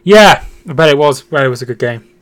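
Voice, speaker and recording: A young man with a mid-range voice, speaking a little fast in a dry recording, hosts a casual football live stream. He reads chat, thanks viewers, and calls match updates, trailing off and restarting now and then and shouting excitedly at goals.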